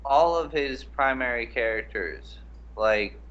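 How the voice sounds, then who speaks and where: Slow-talking, bright-toned male co-host making a deliberate case, slightly dull audio. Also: medium pitch, expressive. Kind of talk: casual film breakdown chat.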